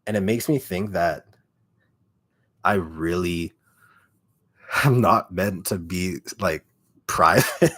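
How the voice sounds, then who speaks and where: A very low, raspy male voice rambles through a casual livestream chat, piling on fillers and swearing. He is an ASMR YouTuber talking loosely to his viewers. The sound is dry and close, with no room echo. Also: slow, pauses often, a bit bright. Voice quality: deep and raspy.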